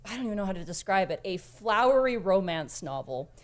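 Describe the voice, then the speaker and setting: A woman's voice: medium pitch, sing-song, fairly quick, faint music behind. Casual woman narrating as game master. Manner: casual, many fillers, giggly.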